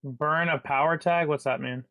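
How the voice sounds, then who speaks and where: Halting male player, dry sound. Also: fairly high pitch, steady tone, fairly bright tone, no echo. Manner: hesitant, halting questions with many fillers. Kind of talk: casual tabletop game chat.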